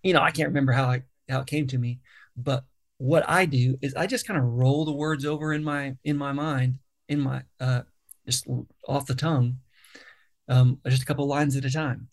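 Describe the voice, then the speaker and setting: A man with a gravelly, creaky voice at an ordinary pitch, talking through his songwriting process in a relaxed interview. He explains things thoughtfully and step by step, pausing to find his words. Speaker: songwriter and guest. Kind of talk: casual interview talk.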